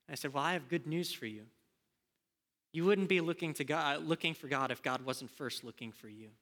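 A man preaching a sermon as a campus minister, telling a story and acting out the dialogue in an animated way. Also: mid-range voice, long reverb tail.

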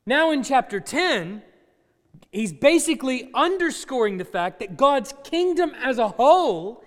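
High-voiced man preaching in a reverberant hall. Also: very animated, measured pace, a bit bright. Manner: conversational, playfully coaches the congregation. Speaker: pastor. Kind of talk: sermon.

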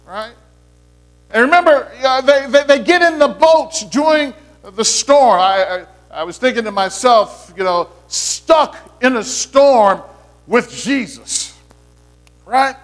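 A man's voice: extremely high pitch, animated, takes it slowly, a bit bright. A man preaching a sermon as pastor, talking to the congregation in a conversational way, with playful asides and frequent restarts.

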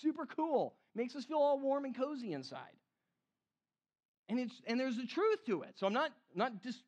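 A man preaching a sermon in an animated, conversational way, acting out the quotes he cites. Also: high-pitched. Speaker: pastor.

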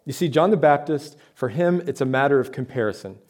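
A man with a mid-range, darkish voice preaches to his church, animated and fairly quick. The pastor keeps it conversational, using rhetorical questions and emphatic points.

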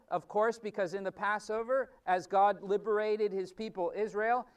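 A male pastor delivers a sermon in a loose, conversational teaching style, restarting phrases and filling pauses as he goes. His voice sits high and comes through smooth and resonant. He stands some distance from the microphone.

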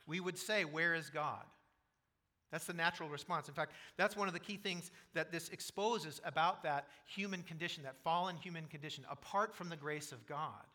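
A pastor preaching a sermon, explaining scripture in an earnest way and asking the congregation questions. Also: male voice, fairly high pitch, sharp tone.

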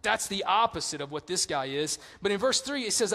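A man preaching a sermon as a pastor, conversational and animated in his storytelling. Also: high voice, fairly quick, few pauses, in a large hall.

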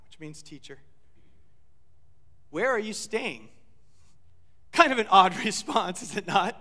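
A man preaching a sermon as pastor, animated, acting out quoted lines and asking the listeners rhetorical questions. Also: very high voice, long reverb tail.

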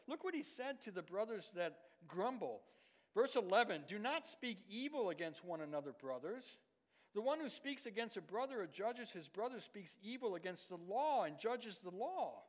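A middle-aged man preaches in a voice pitched above the usual male range. He moves between forceful, emphatic stretches and quiet, dropped-down asides. His words ring out with a long reverb, as in a large church hall. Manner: shifts between loud emphatic lines and hushed, low asides. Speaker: pastor. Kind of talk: sermon.

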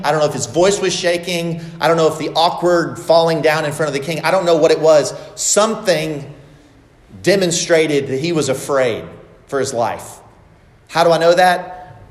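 Man preaching in an echoey hall. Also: fairly high pitch. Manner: expressive preaching, acts out quoted lines. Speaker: pastor. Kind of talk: sermon. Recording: echoey hall with long reverb.

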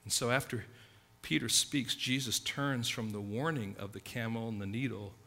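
A man preaching a sermon, emphatic, swinging between loud stresses and hushed asides. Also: mid-range voice, moderate pace. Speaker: pastor.

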